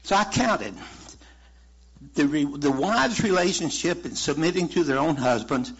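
A man's voice: fairly high pitch, expressive, measured pace, fairly bright tone, slightly rough. A man preaching a sermon in a folksy, conversational way, chuckling now and then. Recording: muffled lo-fi sermon recording.

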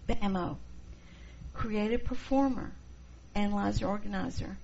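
A middle-aged woman teaching a church class, expressive and acting out the people she quotes. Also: mid-range voice, a little slow, vocal fry. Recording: dull lo-fi recording, faint noise.

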